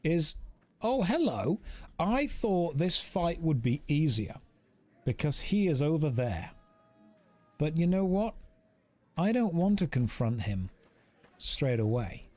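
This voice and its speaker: Joking English streamer, lively voice. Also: male voice, on the high side, takes it slowly, pauses often, faint music behind. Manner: joking, rambling, self-mocking. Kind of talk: casual game commentary.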